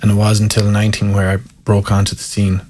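A man's voice: lowish voice, monotone, quick pace, a little mellow. A man with an Irish accent, a former Gaelic footballer telling wry, candid stories in an interview. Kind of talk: casual storytelling interview.

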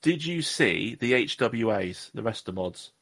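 A man's voice: mid-range voice, animated, moderate pace, vocal fry, fairly bright tone, slightly rough. A man from Southwest England with an English accent, hosting a casual podcast chat, jokey and rambling with lots of fillers and restarts. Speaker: podcast host.

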